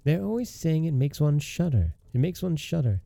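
A man's voice: on the high side, sing-song, moderate pace, gravelly, mellow, dry recording, voice pushed up. A man voicing a naive, fearless young man who speaks earnestly and plainly, in a storybook reading.

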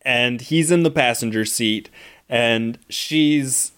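A man's voice: mid-range voice, slow pace, fairly bright tone, clean tone. Rambling enthusiastic male podcast co-host. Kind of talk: casual movie podcast chat.

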